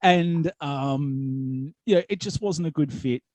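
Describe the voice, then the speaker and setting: An Australian man with a mellow, darker voice tells wrestling stories in a loose podcast chat. He rambles, restarts his sentences and fills gaps with ums and likes. The sound is dry and close, with no room around it. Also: fairly high pitch, slow pace, dry recording. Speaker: wrestling commentator and promoter, guest.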